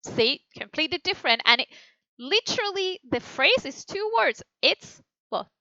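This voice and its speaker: A woman's voice: very high voice, big pitch swings, moderate pace, bright, forceful tone, dry recording, lo-fi sound. A woman animator giving an informal teaching talk, explaining as she thinks aloud with many fillers and self-corrections. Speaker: animator teaching a feedback session.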